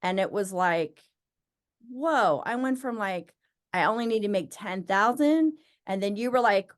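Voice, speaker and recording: A woman who owns a business, talking as an interview guest and acting out her own excited thoughts as she tells her story. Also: medium pitch, unhurried. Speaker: interview guest, med spa owner. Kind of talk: casual interview conversation.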